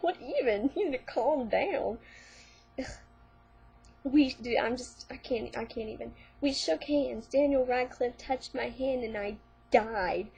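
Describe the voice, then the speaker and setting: A woman's voice: sits high, a little mellow, breathy edge. A woman vlogger reading fan fiction aloud, breaking in with sarcastic, mocking commentary.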